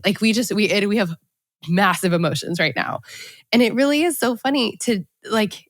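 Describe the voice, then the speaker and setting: A woman's voice: mid-range voice, moderate pace, dry recording. A woman in her thirties hosting a casual podcast, chatty and telling stories about her kids. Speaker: podcast host.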